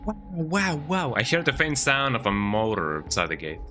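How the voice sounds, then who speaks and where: A man's voice: mid-range voice, wildly swooping pitch, normal speed, bright, forceful tone, faint music behind. A man streaming a video game, chatting casually from home and tagging his sentences with "eh?". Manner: rambling, chatty, tags sentences with "eh?". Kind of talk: casual gameplay commentary. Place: home, at a computer.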